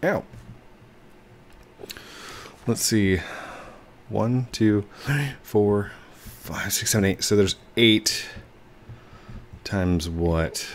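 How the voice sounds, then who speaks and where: A man hosting a casual game session, playful and quick to laugh, talking to the characters on screen. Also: lowish voice, slight background noise. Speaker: gaming channel host. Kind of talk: casual let's-play chat.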